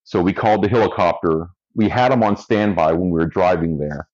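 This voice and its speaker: A man's voice: low-pitched, a little fast, muffled recording. A man, a firefighter and paramedic, casually telling a story from his job in a dry, amused way. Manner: relaxed, dry storyteller who laughs at his own story.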